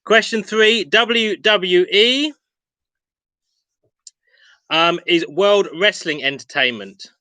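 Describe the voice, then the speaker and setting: Chatty quiz host, bright voice. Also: male voice, high voice, slow, long pauses, dry recording, low-quality recording. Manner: chatty, self-mocking asides between questions. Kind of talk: reading out pub quiz questions and answers.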